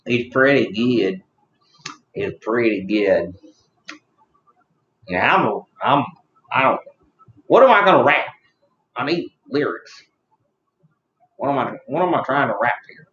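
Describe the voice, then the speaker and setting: A man's voice: mid-range voice, sing-song, normal speed, pauses often, bright, forceful tone. A man hosting a live stream, rambling and joking at his own expense while he talks to his chat. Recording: roomy, slightly dull recording.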